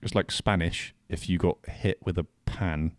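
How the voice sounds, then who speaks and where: A man co-hosting a casual podcast, blunt and deadpan with provocative jokes. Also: sits low, moderate pace, dry recording. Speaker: podcast co-host. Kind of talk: casual chat.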